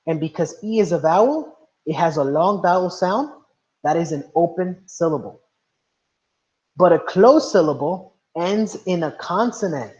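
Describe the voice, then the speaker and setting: A male teacher leads a class lesson in a somewhat high, animated, slightly mellow voice at a moderate pace. He patiently asks students questions and now and then slips into Spanish, captured in dull lo-fi audio.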